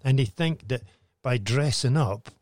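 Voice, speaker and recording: A man's voice: mid-range voice, measured pace, darkish tone, no room sound, studio quality. A Scottish man ranting in a casual chat, sardonic and swearing heavily.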